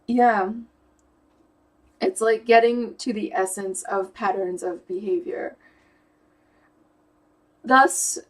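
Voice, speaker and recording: The recording is rough, and the speaker's voice is medium-pitched. She's a young YouTuber talking casually to camera about her personality type, explaining how her mind works as she thinks aloud, gropes for words, and restarts with plenty of fillers.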